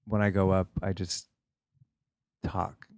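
A man's voice: sits low, level tone, slow pace, darkish tone, clear, resonant tone, no room sound. A man co-hosting a podcast, rambling in a casual, self-deprecating way and laughing often. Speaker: podcast co-host and stand-up comic.

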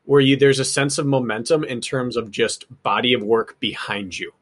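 A male podcast host with a middle-pitched voice. He talks reflectively and shares his own racing experience, then leads into his questions. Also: normal speed, a bit bright. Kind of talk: conversational interview.

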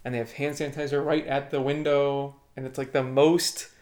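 A man's voice: medium pitch, little pitch movement, fairly quick, a little mellow. A young man in casual chat, laid-back and joking with profane banter.

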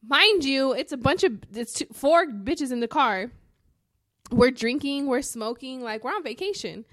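A woman co-hosting a podcast, telling a story in a casual, profane, animated way. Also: high voice, unhurried, no echo. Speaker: podcast co-host.

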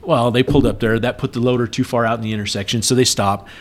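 A middle-aged man in a relaxed conversation, spinning out a long story. He talks in an animated way and jumps up loud whenever he acts out what people shouted. His voice sits at an ordinary pitch for a man. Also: quick pace. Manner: animated, acts out yelled quotes. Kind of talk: casual storytelling chat.

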